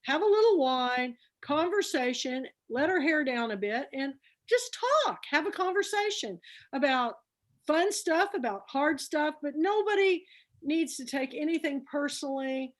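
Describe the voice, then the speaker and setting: A middle-aged woman tells stories with a high, bright voice. She is chatty and animated, slipping into the voices of the people in her tales. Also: a little slow. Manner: chatty, animated storyteller who acts out dialogue. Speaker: book club founder speaking to a group. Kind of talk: storytelling talk.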